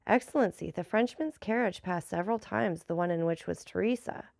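A woman's voice: fairly low pitch, brisk, vocal fry, a little mellow, dry recording, studio quality. A woman reading a deferential bandit messenger. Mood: deferential, telling. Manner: deferential, explaining.

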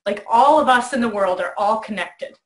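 A middle-aged woman hosting a talk, telling a lively story to a child in a bedroom. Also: a little high, normal speed, roomy sound. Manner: animated storyteller, acts out voices in quotes. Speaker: host. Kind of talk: warm storytelling to a child on video.

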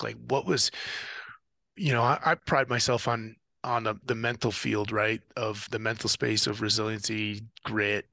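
A man's voice: on the low side, creaky, dry recording. A man telling stories from an ocean rowing race in a casual interview, acting out the voices and radio calls. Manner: animated storyteller, acts out radio calls. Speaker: guest, ocean rower and former Marine officer.

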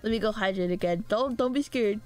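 A woman's voice: mid-range voice, a little fast, soft background music. A young woman streamer chatting casually and giggling with her viewers. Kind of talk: casual livestream chat.

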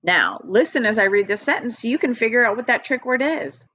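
A woman's voice: a little high, sing-song, a little fast, a bit bright, no room sound. A woman teacher leading a recorded early-grade phonics lesson, patient and encouraging, spelling out letters one by one. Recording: dry, dull lo-fi home recording.

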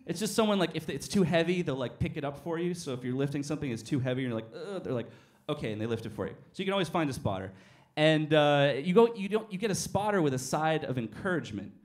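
Guy doing stand-up in a little cafe, telling stories all animated, cursing a bunch, voice sits kinda high. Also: fast. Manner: animated, swears freely, acts out his stories. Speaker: stand-up comedian. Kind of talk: stand-up storytelling. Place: small cafe stage.

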